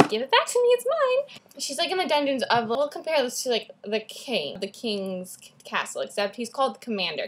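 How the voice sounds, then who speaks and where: A woman's voice: mid-range voice, slightly rough. A teenage girl talking about books in a bubbly, chatty vlog, often drifting off topic, recording at school. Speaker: book vlogger. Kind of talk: casual book talk vlog.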